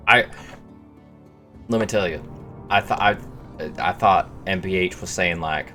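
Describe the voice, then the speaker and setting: A man's voice: deep voice, steady tone, unhurried, long pauses, a bit bright, soft background music. A male streamer chatting casually with viewers in a put-on silly accent, reading chat messages aloud and rambling between them.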